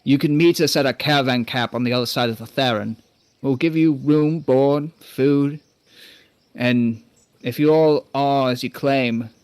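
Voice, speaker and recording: Man doing a low-voiced old dwarf leader. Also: no echo, natural voice. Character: older male dwarf caravan leader, grave and generous. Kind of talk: tabletop role-play voice.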